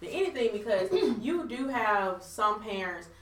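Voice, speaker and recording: A woman's voice: fairly high pitch, very animated, a little slow, a bit bright, slight background noise. A young woman on a casual panel discussion, speaking frankly and with animation, swearing freely. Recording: echoey room, mic far off.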